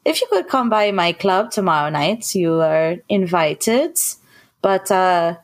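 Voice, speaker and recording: Slow, hesitant woman player. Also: lowish voice, lively intonation. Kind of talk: in-character role-play.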